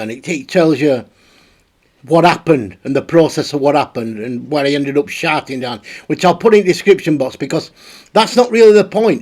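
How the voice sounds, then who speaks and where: Man, commentary host, blunt, rambling, fairly high pitch. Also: a little mellow. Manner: rambling, blunt, with frequent restarts. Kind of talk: casual spoken commentary.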